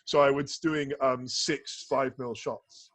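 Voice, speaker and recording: A man's voice: mid-range voice, takes it slowly. A man, a bodybuilding coach as a podcast guest, talking casually in rambling, profane stories full of restarts and fillers. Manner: animated storyteller.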